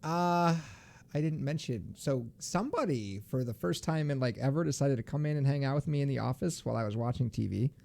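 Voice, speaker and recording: A man co-hosting a podcast, chatting casually with quick reactions and wry asides. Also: mid-range voice, gravelly, darkish tone. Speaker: podcast co-host. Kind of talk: casual chat.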